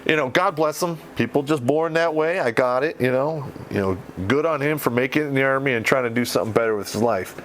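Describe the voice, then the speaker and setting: A man's voice: mid-range voice, quick pace, few pauses, a bit bright, a little hiss or hum. A middle-aged man who swears freely while casually telling a war story on a podcast and laughs as he goes. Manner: profane, laughs through the telling.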